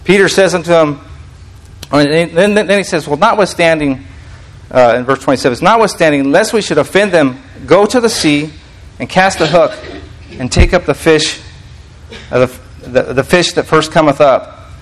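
Male preacher, somewhat high voice; conversational sermon, reads scripture and unpacks it casually. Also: moderate pace, low-quality recording. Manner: reads scripture aloud, frequent restarts, conversational asides. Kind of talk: sermon teaching.

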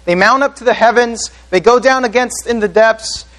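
A man's voice: very high-pitched, normal speed, fairly bright tone, rough recording. A man preaching a sermon as pastor, earnest, often putting questions to the congregation.

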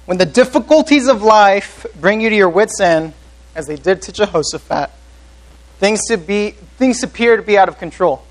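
High-voiced man preaching a sermon. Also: animated, moderate pace, poor audio. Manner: earnest preaching, asks the congregation questions. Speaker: pastor.

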